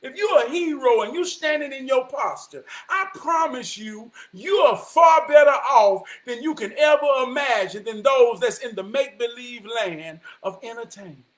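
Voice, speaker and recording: A man delivering an impassioned motivational monologue, preaching his point and often rising to a shout. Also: extremely high pitch, expressive, moderate pace, few pauses. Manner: preachy, repeats "I promise you", rises to shouting. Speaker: vlogger giving life advice.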